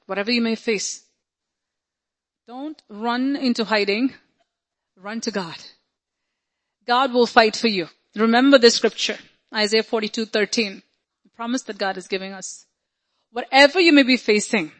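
A woman preaching a sermon, delivering God's promises with loud declarations that drop to hushed, intimate tones. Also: fairly high pitch, measured pace.

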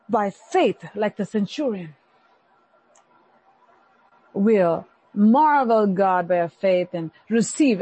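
A woman pastor preaching a sermon, animated, acting out the complaints of the people she preaches about. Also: mid-range voice, breathy edge, dull audio.

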